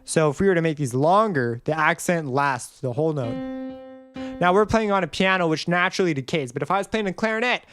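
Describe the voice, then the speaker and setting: A man's voice: fairly high pitch, lively intonation, a little fast. A man hosting a casual music theory tutorial, explaining in a loose, rambling way and singing notes to show each marking. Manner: loose, rambling explanations, sings note examples. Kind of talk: casual screen-recorded tutorial.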